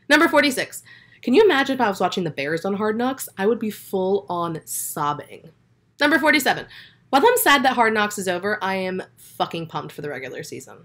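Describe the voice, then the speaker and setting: A young woman vlogging a sarcastic, excitable reaction countdown of a football show, swearing freely. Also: mid-range voice. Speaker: sports vlogger. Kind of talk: reaction commentary with numbered countdown.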